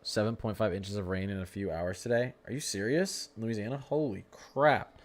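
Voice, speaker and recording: Hosting a livestream about severe weather, a young man with a voice on the low side speaks at normal speed. He keeps things casual and joking, teasing viewers, addressing chat, and laughing frequently.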